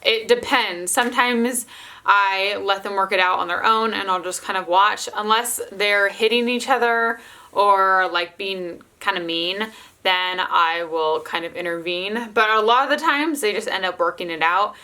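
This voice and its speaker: A woman's voice: mid-range voice, measured pace, pushed and bright. A young adult woman, a mother of toddlers, chatting casually to camera and filling her speech with "like". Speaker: mother of toddler twins, vlogger.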